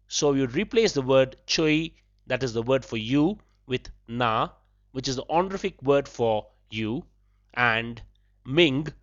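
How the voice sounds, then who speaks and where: Slow, lively-voiced male language teacher. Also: medium pitch. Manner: measured, repeats phrases slowly and breaks them into syllables. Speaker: podcast host teaching a language. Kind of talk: slow, careful language lesson. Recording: slightly dull, lo-fi podcast audio.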